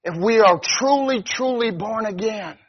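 A man's voice: sits high, a little slow, husky. A man preaching a conversational sermon as pastor, often stopping to ask "see?". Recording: dull lo-fi recording.

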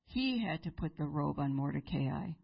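A woman preacher telling a Bible story in a sermon, animated and acting out the characters. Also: deep voice, normal speed, creaky, husky, muffled recording.

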